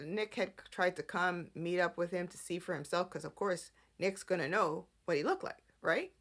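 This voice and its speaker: A woman's voice: lowish voice, fairly bright tone. A woman hosting a podcast, chatting casually through a soap opera recap and acting out the characters' lines. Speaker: podcast host.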